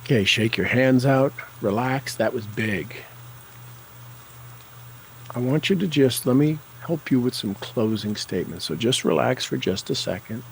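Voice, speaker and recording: A man leading a guided tapping session, calling out tapping points and repeating affirmations with slow, deliberate coaching cues. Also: medium pitch, expressive, a little hiss or hum, rough recording.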